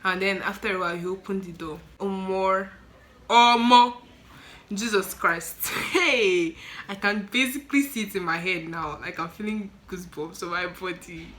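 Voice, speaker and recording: A nineteen-year-old woman with a Nigerian accent, telling a story in an animated, exclaiming vlog style. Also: lowish voice, fast, hardly any pauses, rough recording. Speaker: student nurse vlogger.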